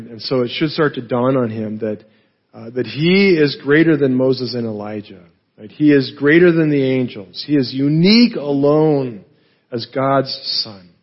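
Husky man teaching a sermon. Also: medium pitch, lo-fi sound. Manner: explanatory, frequent "right?" and fillers. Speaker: pastor.

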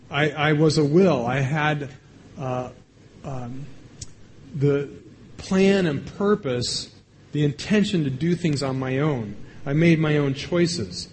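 Man, sermon, slightly high voice, chatty, asks the congregation questions, faint room hum. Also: a little mellow. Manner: conversational, asks the audience questions; acts out little voices for illustration. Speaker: pastor.

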